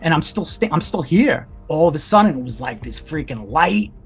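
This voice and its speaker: A man's voice: on the high side, big pitch swings, normal speed, gravelly, husky. A man in his forties, a podcast guest, telling his own story in a candid, intense way, swearing often and filling his talk with "like.". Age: 40s. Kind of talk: emotional personal storytelling.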